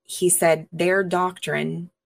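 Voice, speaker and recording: A woman interview guest, a minister, earnestly telling her personal testimony with pauses and frequent fillers. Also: fairly low pitch, flat delivery, gravelly, no echo.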